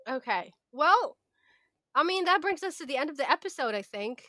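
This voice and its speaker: A young woman co-hosting a casual book podcast, playful and quick to laugh. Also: high-pitched, big pitch swings, bright, forceful tone, dry recording, clean studio sound. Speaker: podcast co-host.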